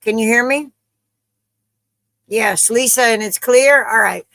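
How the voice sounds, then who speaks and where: Bright-voiced woman hosting a livestream. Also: a little high, slow, creaky, no echo, poor audio. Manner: flustered, chatty, talks straight to viewers. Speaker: livestream host. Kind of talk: casual live-stream chat.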